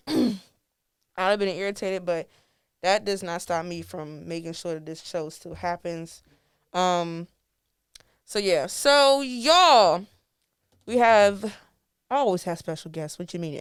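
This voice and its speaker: A woman's voice: medium pitch, clean tone, dry recording, studio quality. A young woman from the DMV area hosting a podcast in a casual, chatty way, laughing often. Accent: American, DMV area. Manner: chatty, laughs often, lively swings in loudness. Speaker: podcast host. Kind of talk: casual chat.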